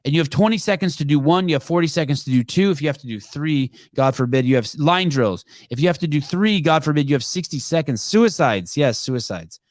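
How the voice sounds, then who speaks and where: A man's voice: on the high side, lively intonation, brisk, hardly any pauses, dry recording, studio quality. A middle-aged man hosting a podcast, telling a rambling family story with asides and self-corrections. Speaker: podcast host. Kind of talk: casual live call-in chat.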